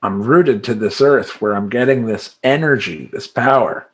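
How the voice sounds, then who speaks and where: A man coaching other men in a lively motivational talk, his pitch sitting in a middle register. He speaks with emphatic energy and drives his points home by repeating affirmations in a steady rhythm. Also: normal speed. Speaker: life coach. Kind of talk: motivational monologue.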